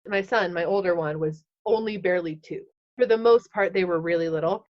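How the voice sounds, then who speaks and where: A woman's voice: fairly low pitch, brisk. A woman in her thirties, a podcast guest, tells her own story candidly in casual speech, often saying "like" and acting out what she thought back then. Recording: dull lo-fi podcast audio.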